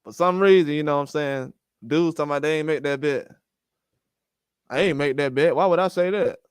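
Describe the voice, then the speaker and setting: A man riffing on boxing in casual commentary, ranting and slipping into the back-and-forth of the people he quotes. His voice sits a little high and sounds smooth and resonant, recorded dry and close with no room sound. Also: brisk, no room sound. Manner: ranting, acts out quoted conversations. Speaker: boxing channel host.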